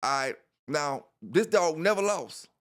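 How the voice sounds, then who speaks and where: A man's voice: fairly high pitch, expressive, a little slow, a bit bright. A man hosting a dog channel, talking casually in a rambling monologue, repeating himself and filling gaps with "you know".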